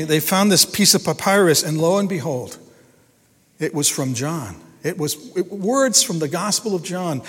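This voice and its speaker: A man's voice: on the high side, a bit bright. A man preaching a sermon in an earnest, emphatic way, often repeating and restarting his words. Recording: long hall reverb.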